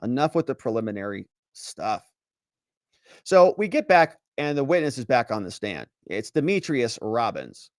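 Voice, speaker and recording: A man's voice: medium pitch, very animated, moderate pace, dry recording, studio quality. A man, a lawyer and commentator, recounting trial testimony and acting out the witness and lawyers, with sarcastic asides. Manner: acts out witnesses and lawyers in quotes.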